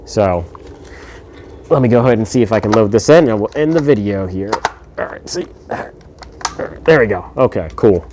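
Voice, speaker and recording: A man giving a casual, laid-back firearms review, swearing freely and filling pauses with lots of ums and uhs. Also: lowish voice, lively intonation, noisy background.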